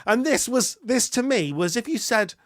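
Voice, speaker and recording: A man's voice: very high voice, expressive, moderate pace, a bit bright, dry recording, studio quality. A British man co-hosting a podcast, chatting casually about a film in a rambling, self-interrupting way. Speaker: podcast co-host.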